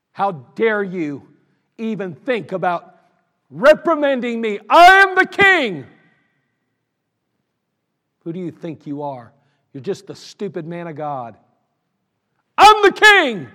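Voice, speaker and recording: A man preaching voices an arrogant, furious ancient king who shouts with indignation in a slow, haughty way. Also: a little high, big-room sound, voice pushed down, natural voice. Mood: indignant, shouting.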